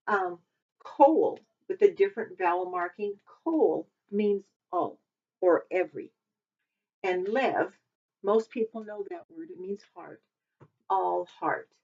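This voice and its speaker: Chatty woman teaching, dull recording. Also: on the low side. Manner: chatty, thinks aloud, double-checks herself. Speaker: Hebrew teacher. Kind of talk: informal recorded lesson.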